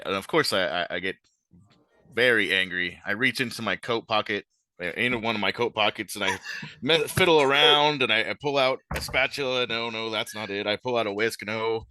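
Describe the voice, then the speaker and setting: A man playing in a tabletop game, speaking haltingly and correcting himself. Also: lowish voice, sharp tone, dry recording. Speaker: player.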